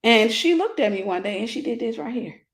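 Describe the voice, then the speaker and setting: A woman's voice: on the high side, animated, brisk. A woman minister in her forties telling a personal story in a casual livestream sermon, greeting viewers by name.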